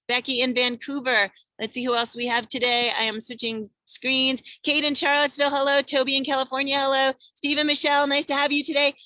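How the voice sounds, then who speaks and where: A woman's voice: high-pitched, pushed and bright, no room sound. A woman hosting an online singing show, chatting in an upbeat way and greeting viewers by name over a video call from her car. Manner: chatty and upbeat, reading out many viewer names. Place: in a parked car on a road trip.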